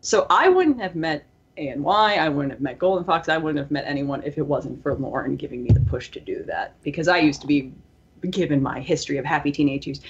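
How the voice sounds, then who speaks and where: A woman in her early twenties talks with a hoarse, raspy voice that sits low for her age. She rambles through a story on a casual podcast, full of fillers and restarts. The audio is a little muffled and lo-fi. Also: expressive, brisk. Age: early 20s. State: hoarse, strained voice. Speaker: podcast co-host.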